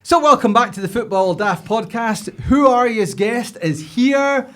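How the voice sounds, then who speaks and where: A man hosting a football podcast, chatty and quick to laugh. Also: very high voice, animated, fairly bright tone. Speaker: podcast host. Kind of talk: casual podcast chat.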